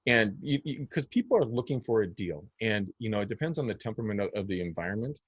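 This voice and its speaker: This guest on a podcast is a real estate agent from the United States, speaking in an interview setting. He has a lowish, husky voice and talks fast and animatedly; there's no echo, though the highs are cut off. His manner is blunt and snarky, with lots of emphasis and repeated words.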